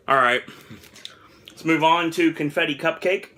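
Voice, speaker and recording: Bright and forceful, with a voice pitched a little high, a young man offers casual commentary as he samples snacks for his food review channel. He's frank about how things taste and plays up his reactions a bit.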